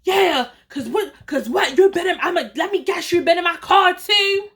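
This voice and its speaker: A woman acting out an angry, jealous girlfriend yelling on the phone while telling a story. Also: extremely high pitch, moderate pace, pitched above the performer's own voice. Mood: furious. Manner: shouting, indignant.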